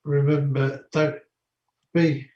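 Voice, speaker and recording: A man in a casual chat, giving technical advice slowly and haltingly, with restarts. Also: on the high side, little pitch movement, warm tone. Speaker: guest giving tech advice. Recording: roomy, muffled mic with faint noise.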